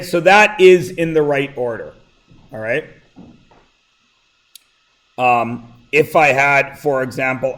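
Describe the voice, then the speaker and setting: A male math teacher lectures in a classroom at an unhurried, drawn-out pace, his voice pitched in an ordinary middle range. He keeps a relaxed, joking tone and keeps pausing to ask whether everyone is following. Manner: relaxed, jokey, checks in with students often. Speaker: high school math teacher. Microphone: plugged-in classroom mic.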